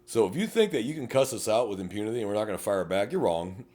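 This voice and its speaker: Talking fast in a lowish voice, this middle-aged man, a police officer and podcast co-host, tells animated stories bluntly and profanely during casual podcast chat.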